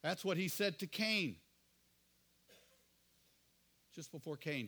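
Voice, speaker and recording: A middle-aged male pastor preaching a sermon, earnest, often asking the congregation questions and dropping to quiet asides. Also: a little high, expressive, normal speed.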